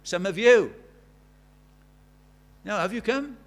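Emphatic higher-voiced male preacher. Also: lively intonation, slow. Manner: questioning, rhetorical, emphatic. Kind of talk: sermon.

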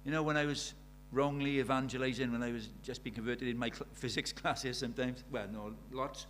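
A middle-aged man preaching a sermon. He drops to near-whispers and then rises to loud, urgent questions. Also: mid-range voice, fairly even intonation, a little fast, slight background noise. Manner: swings from hushed intimacy to loud urgent questions.

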